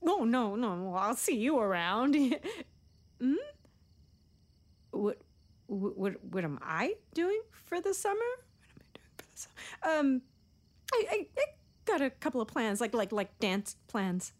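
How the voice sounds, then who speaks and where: High-pitched woman in a stammering stage monologue. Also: sing-song. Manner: rapid, stammering, comic teen chatter. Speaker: stage performer of a one-woman play. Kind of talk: theatrical monologue.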